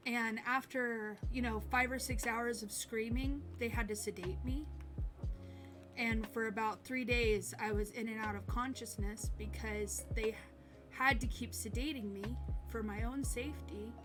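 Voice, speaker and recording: A woman streamer telling a personal story to camera in a halting, hesitant way, often pausing and restarting. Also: fairly high pitch. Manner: halting, hesitant, with many pauses and fillers. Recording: clear instrumental music in background.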